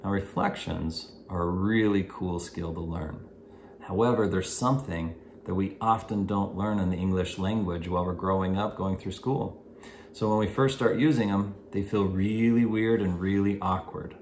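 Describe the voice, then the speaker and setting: Low-voiced man teaching in an echoey room. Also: steady tone, darkish tone. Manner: measured, explanatory, gives spoken examples. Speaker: parenting instructor. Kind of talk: instructional video talk. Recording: echoey room with faint hiss.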